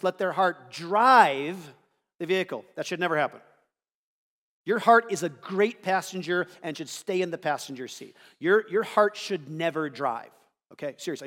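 A pastor from the United States delivers a sermon in a lively, conversational way, tossing in rhetorical asides. His voice sits a little high for a man. The sound carries a long reverb, as in a church hall.

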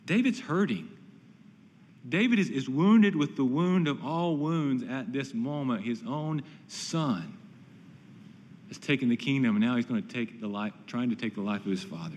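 A man's voice: on the high side, expressive, normal speed, a bit bright, long reverb tail. A pastor preaching an earnest, emphatic sermon, often repeating words as he builds a point.

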